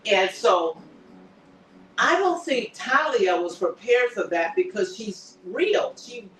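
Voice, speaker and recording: A man with a notably high voice recaps a TV episode in casual chat, telling the scenes with animated drama. He sounds a little far from the mic in a roomy space. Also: slow. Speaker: co-host.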